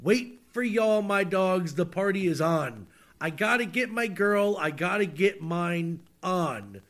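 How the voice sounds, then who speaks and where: A man's voice: high-pitched, lively intonation, slow, fairly bright tone. A man co-hosting a podcast, reading song lyrics aloud in a jokey, mock-dramatic way. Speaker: podcast co-host.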